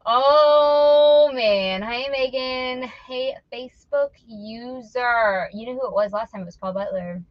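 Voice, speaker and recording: A woman's voice: on the high side, slow, few pauses, no echo. Chatty, playful woman host, muffled sound. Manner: chatty, playful, teasing the audience. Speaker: host of an online reselling show. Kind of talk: casual live-stream chat while listing items.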